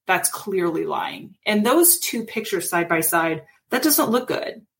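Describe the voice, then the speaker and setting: A woman in her thirties or forties co-hosts a casual true-crime podcast, retelling events and acting out quotes with animated storytelling. Her voice is fairly low-pitched and gravelly, and she speaks at an unhurried pace.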